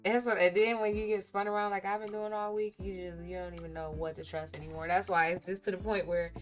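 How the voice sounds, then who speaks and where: A woman's voice: mid-range voice, steady tone, fast talker, soft background music. A woman livestreaming her day trading, chatting candidly and animatedly with viewers about her ups and downs. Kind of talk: casual live-stream chat while trading.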